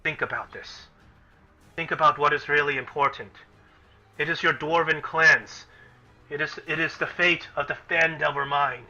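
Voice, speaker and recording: A man's voice: a little high, steady tone, normal speed, pushed and bright. Guy doing a solemn earnest companion, formal old-timey talk, dull recording, music behind. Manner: earnest, persuasive. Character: solemn adventuring companion urging duty.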